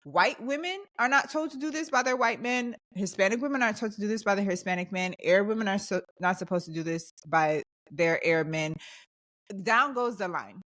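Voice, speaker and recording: A woman's voice: medium pitch, brisk, fairly bright tone. A young adult woman co-hosting a podcast, ranting in an emphatic, heated way in casual chat. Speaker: podcast co-host.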